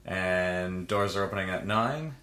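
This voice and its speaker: Man, very deep voice, laid-back host, casual swearing, echoey room. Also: a little slow. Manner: relaxed, swears casually, short affirmations. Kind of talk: casual chat.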